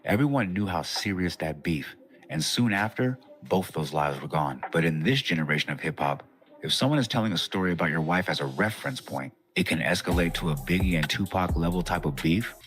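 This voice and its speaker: A middle-aged man delivering scripted commentary in a measured, wry storytelling manner. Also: low voice, expressive, fairly bright tone.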